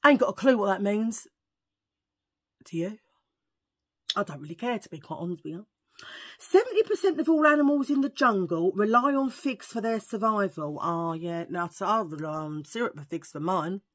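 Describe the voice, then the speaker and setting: Woman, vlogger, tired, rambling and self-mocking; husky tone, very lively pitch. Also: normal speed. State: tired from poor sleep. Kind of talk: casual chat to camera.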